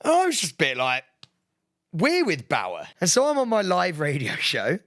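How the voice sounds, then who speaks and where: A man co-hosting a podcast in casual chat, excitable and laughing often as he talks. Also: sits high, brisk, no echo, studio quality. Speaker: podcast co-host.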